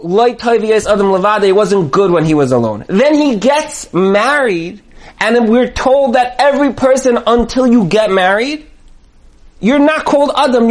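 A man giving a sermon on marriage, telling parables dramatically and building to emphatic, near-shouted points. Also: extremely high pitch. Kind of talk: sermon with storytelling.

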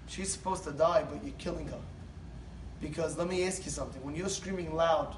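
A calm older rebbe counsels in a low, measured, soothing voice, as a man plays him. The sound is roomy and comes from a distance off the mic. A faint ambient noise lies underneath. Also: close to an everyday voice. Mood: stern.

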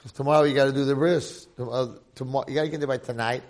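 A man's voice: mid-range voice, steady tone, fast talker, a little mellow, close to an everyday voice. A man putting on a bossy demon chief. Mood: insistent. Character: male demon chief, commanding host.

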